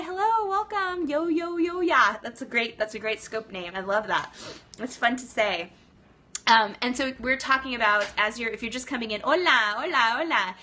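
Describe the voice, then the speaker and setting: Upbeat, bright-voiced woman live-streaming. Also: medium pitch. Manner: upbeat, chatty, greets viewers often, says "right?" a lot; talks quickly when excited. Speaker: Pilates studio owner live-streaming to viewers. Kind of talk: casual live-stream talk. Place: indoors in New York City.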